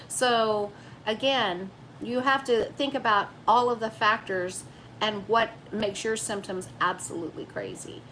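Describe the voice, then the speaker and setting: Emotional, emphatic woman, bright voice. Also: on the high side, slight background noise, poor audio. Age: middle-aged. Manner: emotional, emphatic, repeats words for stress. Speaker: vlog host reading live chat. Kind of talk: casual live-stream chat.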